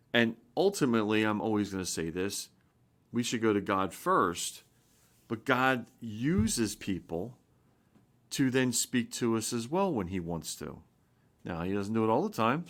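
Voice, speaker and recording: A man in his fifties preaching an informal sermon in a somewhat low voice. He is earnest and rambling, restarting his sentences and pushing up for emphasis. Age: 50s. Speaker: pastor.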